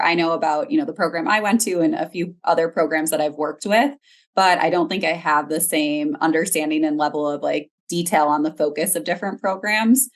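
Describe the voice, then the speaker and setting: A woman, a genetic counselor, hosting an interview and asking thoughtful, encouraging questions. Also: sits low.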